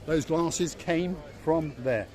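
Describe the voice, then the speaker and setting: A man's voice: on the high side, slow pace, a little mellow. Chatty Yorkshire man vlogging outdoors. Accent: Yorkshire English. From England. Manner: chatty, repeats words for emphasis. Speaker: vlog host. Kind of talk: walking tour vlog. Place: seaside promenade outdoors. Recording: outdoor street noise.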